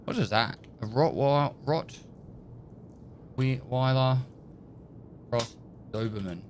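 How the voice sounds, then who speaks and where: A man's voice: medium pitch, takes it slowly, slight background noise. A man chatting casually to his livestream viewers, rambling and tripping over words, laughing and swearing as he goes. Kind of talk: casual chat with chat.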